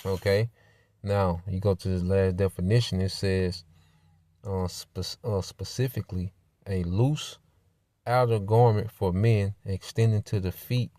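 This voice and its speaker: A man's voice: low-pitched, fairly even intonation, unhurried, warm tone, dry recording, clean studio sound. A man teaching a church Bible lesson in a conversational way, full of "you know" and "man".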